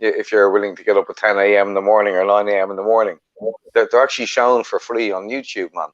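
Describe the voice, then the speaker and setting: A man's voice: fairly low pitch, level tone, quick pace, no echo, dull audio. A man from Ireland, chatting about football on a podcast panel, rambling with lots of restarts. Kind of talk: casual football chat.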